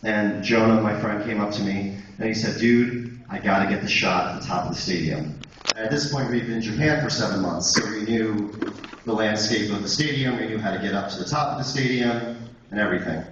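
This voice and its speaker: A man's voice: fairly low pitch, a little fast. Young guy rambling thru a story to a crowd, lots of um and like, far off mic in a big echoey room. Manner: rambling, many fillers and restarts. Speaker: guest speaker. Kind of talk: storytelling talk to a college audience. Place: college auditorium. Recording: echoey hall, distant dull sound, faint noise.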